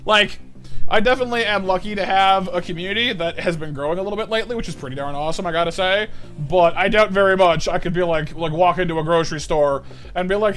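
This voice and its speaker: Guy in his 30s streaming while he draws, fairly high voice, rambles and trips over words, faint music behind. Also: fast talker, fairly bright tone. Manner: rambling, stammering, with lots of fillers. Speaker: art streamer. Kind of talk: casual live-stream chat.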